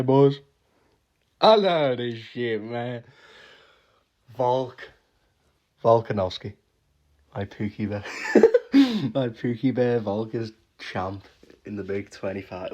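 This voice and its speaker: A man giving a casual, swear-heavy reaction rant about fights, with frequent laughs and quick restarts. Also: medium pitch, darkish tone. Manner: swears constantly, laughs often, rants with restarts. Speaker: MMA reaction vlogger.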